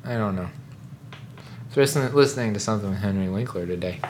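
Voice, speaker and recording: A man co-hosting a podcast, rambling through an animated, joking recap of a movie. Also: fairly low pitch, fast, a little hiss or hum. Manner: rambling, animated storytelling with laughs. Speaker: podcast co-host. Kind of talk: casual comedic chat recapping a movie.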